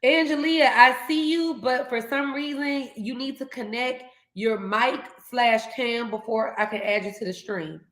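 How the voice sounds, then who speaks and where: Animated woman host in an echoey room. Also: fairly high pitch, a little slow, hardly any pauses. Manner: animated, laughing, acts out quoted voices. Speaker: live stream host. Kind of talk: casual storytelling chat. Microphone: video call.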